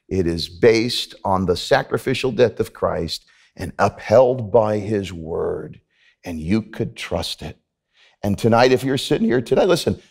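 A man's voice: fairly low pitch, vocal fry, a little mellow. A middle-aged man preaching a sermon at a church service, talking conversationally and then building to emphatic preaching. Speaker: pastor.

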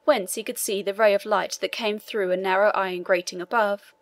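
A woman narrating an audiobook of a classic novel in a measured, even reading. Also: medium pitch. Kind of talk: scripted narration.

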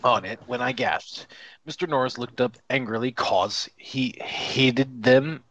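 Guy reading a fanfic out loud for laughs, keeps tripping and swearing, dry close mic. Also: medium pitch, a little slow, no room sound, highs cut off. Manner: exasperated, stumbling over words, swearing. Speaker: reader. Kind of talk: comedic dramatic reading of a fanfic.

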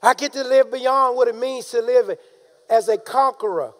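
A man preaching a sermon, calling out to the congregation and rising into shouted emphasis. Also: very high-pitched, normal speed. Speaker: pastor.

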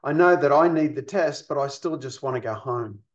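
A man's voice: mid-range voice, normal speed, lightly acted. A man reading the lines of a frustrated female hospital patient who wants to go home, in a plain, lightly acted way. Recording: echoey, dull lo-fi.

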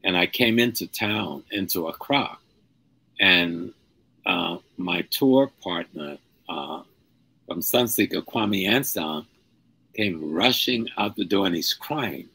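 An older man, a guest, telling a personal story at an unhurried pace, stretching key words. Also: low voice, expressive, bright, forceful tone, breathy edge, poor audio. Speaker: guest speaker. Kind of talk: storytelling in a live-streamed conversation.

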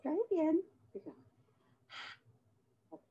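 A woman playing a cheerful Mrs. Claus who does magic tricks and puppet patter for children, in a slow, sing-song, coaxing children's-show delivery. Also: lightly acted. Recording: dull, muffled audio.

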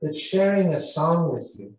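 A man from British Columbia, an Indigenous cultural interpreter, telling a gentle, unhurried storytelling lesson to schoolchildren and asking them questions. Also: on the high side, big pitch swings. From British Columbia, Canada. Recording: echoey, distant, dull live broadcast sound.

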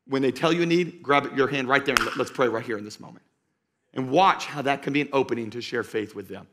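A man preaching a sermon to a live congregation as pastor, driving points home by repeating them and moving between loud urging and slow, quiet emphasis. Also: mid-range voice, noisy background. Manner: emphatic, repeats key lines for stress. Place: church stage before a live congregation.

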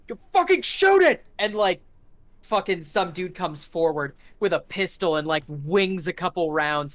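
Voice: mid-range voice, fairly bright tone. A game master narrating a tabletop game in a casual, rambling way, full of fillers and swearing.

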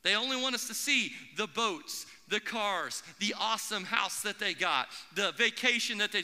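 High, bright young man preaching in a hall. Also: normal speed. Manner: animated, acts out quoted voices. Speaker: pastor. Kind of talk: sermon. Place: church auditorium. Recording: long hall reverb.

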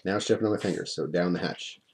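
A man reviewing hot sauce on video in a relaxed, rambling way, his mouth burning and drooling as he talks at his desk. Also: deep voice, fast talker. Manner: relaxed, chatty, rambling with restarts.

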